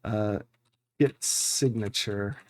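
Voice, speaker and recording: A man's voice: lowish voice, extremely slow, darkish tone. A man streaming a game playthrough, thinking aloud and rambling with fillers as he reads the game text. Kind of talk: live game playthrough commentary.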